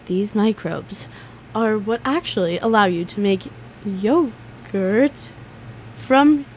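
A woman voicing an eager, wide-eyed anime-hero narrator, reading a public service announcement with exaggerated, excited emphasis in a college radio studio. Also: mid-range voice, takes it slowly, a little hiss or hum, close to an everyday voice.

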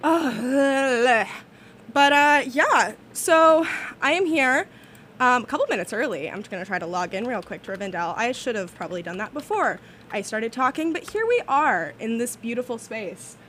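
Breathless young woman DJ, slightly shrill. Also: animated, normal speed, fairly bright tone, a little hiss or hum. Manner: rambling, filler-heavy, self-deprecating. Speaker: college radio DJ. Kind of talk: casual on-air chat. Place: radio studio. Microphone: studio microphone.

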